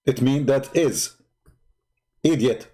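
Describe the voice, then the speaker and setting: A man's voice: mid-range voice, slow pace, warm tone. A man hosting a livestream, speaking as an in a sarcastic, scolding way, often laughing at his opponent. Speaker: online broadcast host. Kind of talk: mocking livestream commentary.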